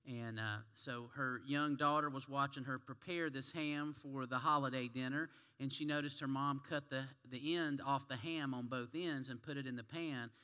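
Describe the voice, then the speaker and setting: A man's voice: mid-range voice, steady tone, moderate pace, few pauses, bright, forceful tone, smooth, long reverb tail. A man preaching a sermon in a folksy, conversational storytelling way.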